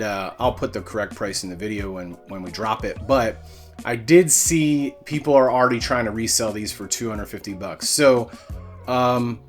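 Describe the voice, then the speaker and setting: Male host, easygoing unboxing patter, average pitch, light music bed. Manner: relaxed, rambling, with fillers and self-corrections. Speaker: card-breaking channel host. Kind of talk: casual unboxing vlog.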